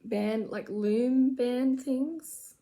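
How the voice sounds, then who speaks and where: A woman talks through her makeup in a loose, rambling way, poking fun at herself and sliding into low mutters. Her voice sits a touch high, and the chat feels unscripted and homely, recorded in her room at home. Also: very slow, mellow. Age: adult with children. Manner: rambling, chatty, self-mocking, drops to mutters. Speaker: vlogger doing makeup. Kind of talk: casual get-ready-with-me chat.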